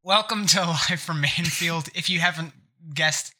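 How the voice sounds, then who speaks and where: A man's voice: on the high side, measured pace, pushed and bright. A man with a stuffed-up nose hosting a casual gaming podcast, joking and sarcastic as he rambles. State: congested nose. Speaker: podcast host.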